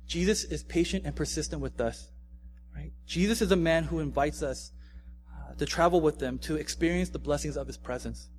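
A man's voice: a little high, moderate pace, a little hiss or hum. A young adult man, a pastor, preaching a casual, conversational sermon, often checking in with his listeners. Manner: casual, conversational, frequent "right?" tags.

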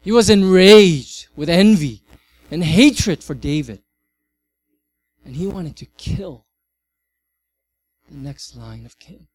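Animated, high-voiced male pastor preaching. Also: slow, long pauses. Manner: animated, varies loudness widely. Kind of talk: sermon.

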